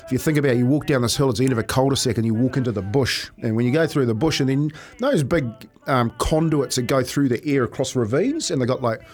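Teasing kiwi radio co-host. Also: male voice, mid-range voice, quick pace, few pauses, darkish tone. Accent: New Zealand. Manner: teasing, laughs often. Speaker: radio breakfast show co-host. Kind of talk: casual chat.

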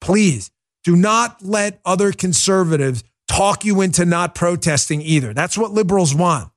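Male talk show host, high and combative, emphatic delivery. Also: moderate pace. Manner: emphatic, combative, mocks opponents in put-on voices. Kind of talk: fiery political commentary.

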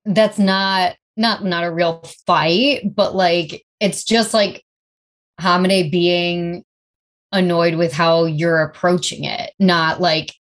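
A woman guest on a podcast, telling a story in a relaxed, chatty way with many fillers. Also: lowish voice, slow pace. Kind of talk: casual chat.

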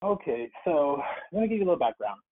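An occupational therapist calls in as a guest for a casual phone interview, his voice on the high side, quick, breathy-edged, and swinging widely in pitch. He tells his story earnestly and emphatically over a tinny line.

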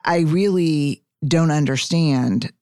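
A woman's voice: low-pitched, slow pace, dark tone, clear, resonant tone, dry recording, studio quality. A middle-aged woman hosting a podcast conversation, candid and earthy, with casual swearing. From Texas. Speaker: podcast host.

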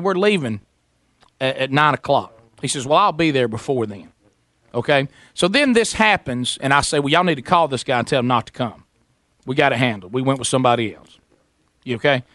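A man's voice: a little high, a bit bright, dry recording. A middle-aged man telling a story on a talk show, acting out both sides of the conversation. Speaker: radio show host.

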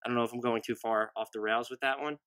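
A man's voice: mid-range voice, fairly even intonation, fast, fairly bright tone, smooth, no echo. A man co-hosting a casual sports podcast, reeling off roster lists and offhand asides. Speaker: podcast co-host.

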